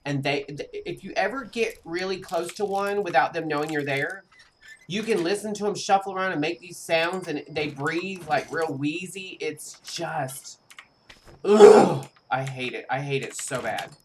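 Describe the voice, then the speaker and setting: A streamer giving live gameplay commentary in a chatty way, speaking straight to viewers and reacting with animated outbursts. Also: mid-range voice, moderate pace, slight background noise. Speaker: game streamer.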